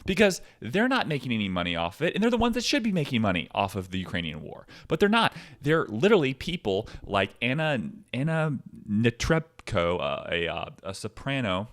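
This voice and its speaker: Podcast host, male, sarcastic profane ranter, very lively pitch swings. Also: fairly quick, few pauses. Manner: profane, sarcastic, swings between low mutter and loud outbursts. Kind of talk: ranting commentary.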